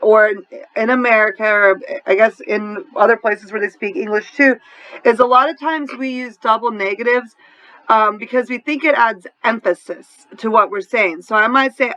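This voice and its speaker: A woman with a New Orleans accent teaches an English grammar lesson in a bright, clear voice. She explains step by step and keeps asking "right?" to check that the class follows. The sound is close and dry, with no room around it. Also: a little high, normal speed, no room sound, lo-fi sound. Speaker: ESL teacher.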